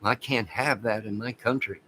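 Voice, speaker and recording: A man's voice: on the low side, normal speed, sharp tone, a little hiss or hum, low-quality recording. A man hosting a casual livestream, rambling and talking straight to his viewers. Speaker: livestream host.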